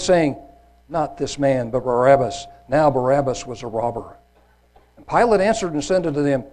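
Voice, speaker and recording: A man's voice: on the high side, a little mellow. A middle-aged man reads scripture aloud in an earnest, slightly raised voice. He stops often to comment and stumbles into fillers and restarts as he goes. His delivery is that of a Bible teacher speaking to a study group.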